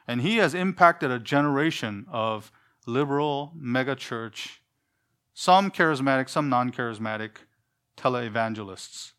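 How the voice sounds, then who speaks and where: A man's voice: medium pitch, a bit bright. A man preaching a sermon in an earnest, emphatic way, full of rhetorical questions.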